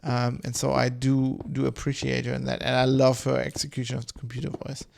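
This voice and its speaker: A man's voice: medium pitch, completely flat delivery, fairly quick, creaky, darkish tone. A man streaming a game, rambling in loose, casual chat full of swearing and fillers. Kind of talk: casual chat while gaming.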